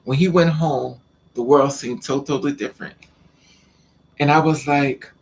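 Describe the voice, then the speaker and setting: A man telling a personal story in a casual vlog, talking in an animated way with stammering repeats and acting out the lines of the people in it. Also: medium pitch, a little slow, gravelly, long pauses, a little hiss or hum. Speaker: vlogger.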